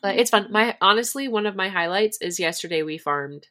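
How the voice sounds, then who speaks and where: A woman co-hosting a podcast, a teacher chatting casually, telling stories with bursts of excitement and laughter. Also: medium pitch, fairly quick. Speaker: podcast co-host. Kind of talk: casual chat.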